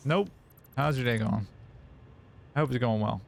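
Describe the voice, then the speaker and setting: A man's voice: mid-range voice, moderate pace, gravelly, long pauses. A man live-streaming a factory-building game, rambling in casual, self-mocking chat and swearing freely into a desk mic.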